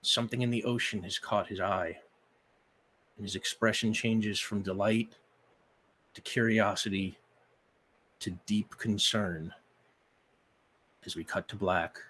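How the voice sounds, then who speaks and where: A man hosting and narrating as game master of a live-streamed tabletop game, energetic, with frequent ums and uhs. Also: fairly low pitch, a little slow, pauses often, husky.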